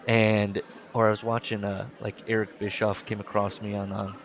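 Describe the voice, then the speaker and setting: A podcast co-host rambles through stories in casual chat, full of fillers and restarts. His voice is lowish with little pitch movement, at a normal pace.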